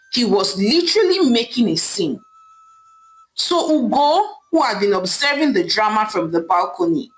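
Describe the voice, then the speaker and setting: Expressive woman telling a folktale. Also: medium pitch, low-quality recording. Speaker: storyteller. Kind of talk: scripted folktale narration.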